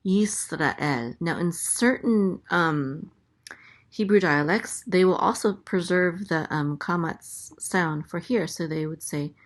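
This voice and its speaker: A woman's voice: on the low side, takes it slowly. A woman teaching a language lesson, going through letters and vowels and patiently repeating each syllable. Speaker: Hebrew teacher. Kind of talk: slow, careful letter-by-letter lesson.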